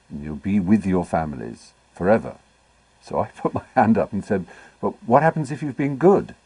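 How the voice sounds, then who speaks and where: Deep husky man telling wry stories. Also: no echo. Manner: articulate, wry and animated, with playful asides. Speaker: interview guest. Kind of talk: anecdotal interview storytelling.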